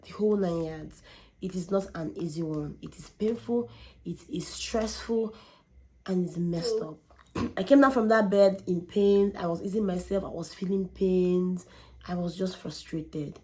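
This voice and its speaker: A young woman, telling a candid personal story in an animated way and often repeating words for emphasis. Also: on the low side, unhurried. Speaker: vlogger.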